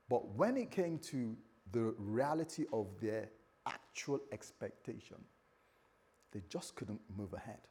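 Husky British pastor preaching. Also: male voice, mid-range voice. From Britain. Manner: conversational, humorous, swings from hushed to loud. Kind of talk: sermon. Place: church.

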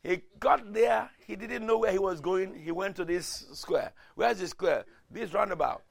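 A man preaching a sermon in a dramatic way, swinging from hushed lines to shouted ones. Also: high voice, a little slow, creaky.

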